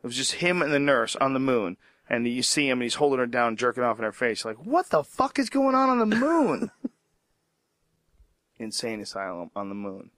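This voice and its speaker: A man's voice: mid-range voice, sing-song, fairly quick, fairly bright tone, no echo, studio quality. A man in casual podcast chat, riffing with profane comic exaggeration. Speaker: podcast talker. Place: podcast studio.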